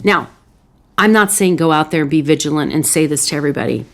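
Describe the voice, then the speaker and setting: A woman's voice: low-pitched, expressive, fast talker. A woman psychologist hosting a solo advice talk, speaking earnestly and telling stories from her own life, with some restarts along the way. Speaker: psychologist host.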